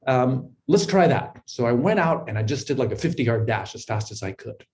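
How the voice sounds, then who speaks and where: A man's voice: mid-range voice, animated, normal speed, darkish tone, a little hiss or hum, rough recording. A middle-aged man, a guest in an interview, telling his life story in an earnest, reflective way, often repeating words as he thinks. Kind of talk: conversational storytelling.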